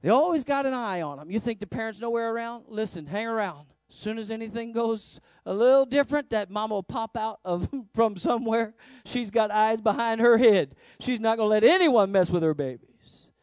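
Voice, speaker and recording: High-voiced man preaching emphatically. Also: animated, brisk, hardly any pauses, smooth, no echo, clean studio sound. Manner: emphatic preaching, swings from loud to hushed. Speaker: pastor. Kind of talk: sermon. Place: church service. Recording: faint music behind.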